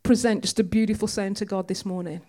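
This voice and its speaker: A woman's voice: mid-range voice, steady tone, quick pace, mellow. A woman giving a conversational, storytelling sermon in a church. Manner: chatty, storytelling, with humor. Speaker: preacher.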